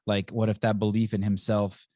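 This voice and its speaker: Male podcast host with a low, dry voice, blunt and swearing, chatting in a loose, rambling way. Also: little pitch movement, normal speed, dark tone, dry recording. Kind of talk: casual podcast chat.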